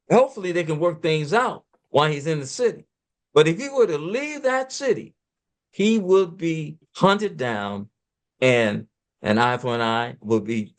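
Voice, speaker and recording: Fast, preacherly man discussing scripture. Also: fairly high pitch. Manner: preacherly, quoting scripture with emphatic swings; talks fast at times.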